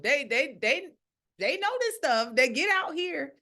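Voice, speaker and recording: A woman's voice: sits high, unhurried. A middle-aged woman leading a ministry, giving a casual spiritual talk and acting out the voices of the people she quotes. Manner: animated, acts out quoted voices. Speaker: ministry leader.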